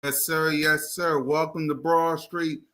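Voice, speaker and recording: A man's voice: a little high, level tone, unhurried, heavy background noise. A man hosting a casual sports podcast, greeting listeners and co-hosts with hype-man energy. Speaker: podcast host.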